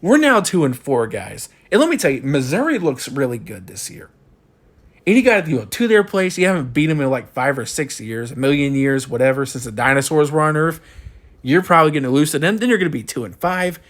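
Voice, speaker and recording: A man's voice: on the high side, very animated, a little fast. A young man giving a frustrated postgame rant as a college football fan, repeating himself and ranting.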